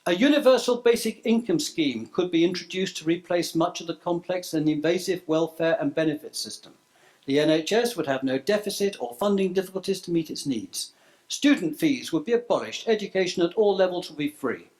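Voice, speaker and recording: Brief: middle-aged man, conference speaker, fairly high voice, reads his points then riffs off script. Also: animated, brisk, a little mellow. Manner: reads a list of proposals, then ad-libs with stumbles and asides. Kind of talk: prepared speech to a live audience. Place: conference room.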